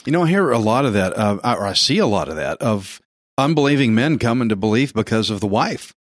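A man's voice: mid-range voice, sing-song, fairly quick, dry recording, clean studio sound. A man in casual Bible discussion, blunt and folksy.

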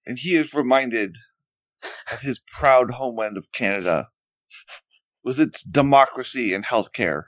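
A man's voice: mid-range voice, unhurried, pauses often, fairly bright tone, dry recording. Playful man narrating a tabletop game. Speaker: game master. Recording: slightly dull, dry sound.

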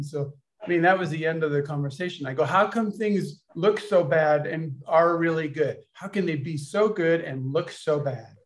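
Male storyteller, slightly high-pitched, casual and halting, rambling delivery. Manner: rambling, halting with many restarts. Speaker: storyteller at a gathering.

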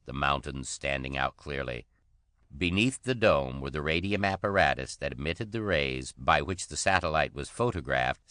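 Very deep-voiced male audiobook narrator. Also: pushed and bright, dry recording, clean studio sound.

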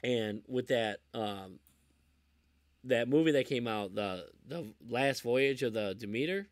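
A man's voice: medium pitch, takes it slowly, dry recording, studio quality. A man hosting a casual podcast, talking enthusiastically about movies with many restarts. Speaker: podcast host.

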